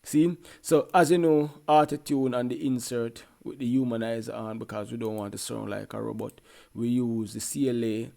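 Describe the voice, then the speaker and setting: A man's voice: medium pitch, fairly even intonation, moderate pace, creaky, few pauses, darkish tone. A man with a Jamaican accent, a music producer talking casually through a tutorial in a laid-back way. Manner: laid-back, peppered with "you know what I mean".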